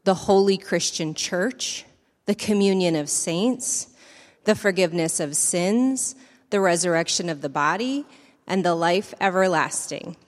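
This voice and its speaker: A woman reading the creed and scripture aloud in church at a measured, deliberate pace. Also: fairly low pitch, long reverb tail. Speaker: lay scripture reader.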